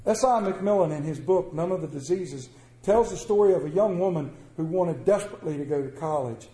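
A man's voice: on the high side, expressive, brisk, warm tone, roomy sound, poor audio. A man preaching a sermon in a folksy, conversational way, slipping into quoted asides and everyday examples.

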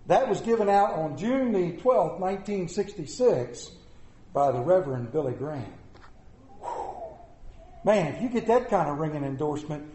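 High-voiced folksy preacher in an echoey church. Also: male voice. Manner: folksy, animated preaching with humor. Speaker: pastor. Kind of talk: sermon. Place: church sanctuary.

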